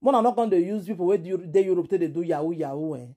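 A woman's voice: fairly low pitch, racing, warm tone. A woman with a Nigerian accent giving casual vlog commentary, indignant and exclaiming, firing off rhetorical questions. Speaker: entertainment vlogger.

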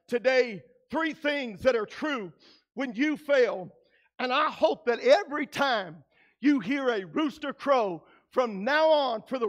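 A pastor preaching a sermon, emphatic and building to shouts, who acts out quoted voices in his own voice. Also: extremely high pitch.

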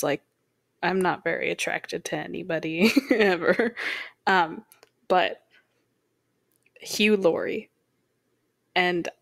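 A young woman with a slightly low voice co-hosts a casual podcast chat. She rambles and jokes, interrupting herself as she goes. The sound is dry and close, with no room around it. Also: no echo. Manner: rambling, jokey, self-interrupting. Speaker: podcast co-host.

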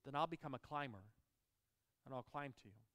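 A man's voice: medium pitch, fairly quick, sharp tone, long reverb tail, a little hiss or hum, voice pushed down, natural voice. A man voicing a loving, steadfast mother bunny in a storybook reading. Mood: reassuring.

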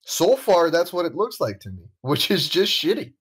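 A man's voice: on the high side, big pitch swings, measured pace, a bit bright, husky, poor audio. A man hosting a voice call, talking bluntly and swearing, checking facts with the others as he goes. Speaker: channel host leading a voice call. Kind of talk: casual heated call chat. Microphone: voice chat call.

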